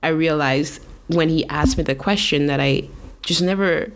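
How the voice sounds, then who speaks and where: A woman from Canada, a tattoo artist guest, telling her story in a relaxed, casual way, full of likes and ums and acted-out quotes. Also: low-pitched, moderate pace.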